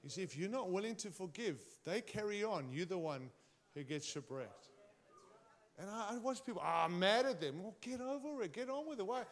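Guy preaching hard to his church, kinda high voice, rises and drops a lot, talks right at the crowd. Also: sing-song, moderate pace. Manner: emphatic, varies pitch and volume widely, direct address to congregation. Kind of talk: sermon.

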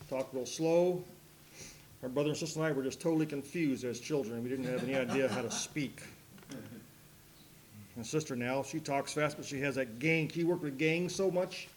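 A man's voice: medium pitch, slight background noise. Folksy American man leading Bible study. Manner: chatty, folksy storytelling. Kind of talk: casual Bible study talk.

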